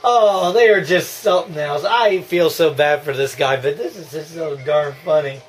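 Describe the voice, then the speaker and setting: Excitable high-voiced man reacting to a movie. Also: normal speed. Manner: excitable, gushing, bursts into laughs and yells. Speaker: movie commentary host. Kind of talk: casual movie reaction commentary.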